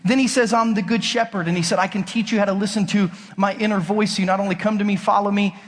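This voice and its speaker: A man's voice: sits high, fairly even intonation, quick pace, long reverb tail. A male pastor preaching a conversational sermon, emphatic and full of rhetorical questions. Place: large church auditorium.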